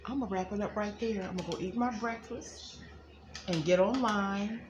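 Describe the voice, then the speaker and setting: A woman's voice: mid-range voice, moderate pace, reverberant, dull audio, noisy background. A woman giving casual psychic readings to viewers, chatty and folksy, calling them y'all. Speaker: psychic reader.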